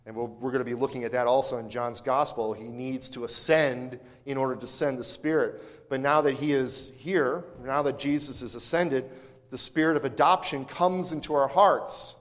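A male pastor preaching a sermon, talking in a conversational way with asides and restarts, then swinging from quiet to loud emphasis. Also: mid-range voice, steady tone, moderate pace. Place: church sanctuary. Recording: long church hall reverb.

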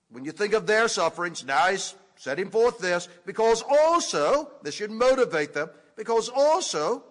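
A male preacher with a high voice walks slowly through a passage of scripture. He stresses the important words with weight and lets pauses sit. His voice rings out in a large hall with a long, lingering reverb. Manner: deliberate teaching tone, emphatic on key words. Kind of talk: expository sermon.

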